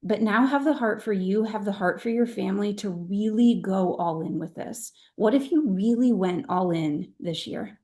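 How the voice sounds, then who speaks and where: A woman's voice: medium pitch, normal speed, few pauses, darkish tone. A middle-aged woman leading her sales team on a video call, speaking in an earnest, emphatic and heartfelt way. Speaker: direct-sales team leader.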